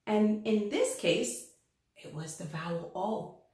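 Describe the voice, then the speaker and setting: Telling a children's reading lesson as a story, a woman speaks slowly at medium pitch, bringing the letters to life by acting out their lines. The lively storytelling is heard through heavy reverb.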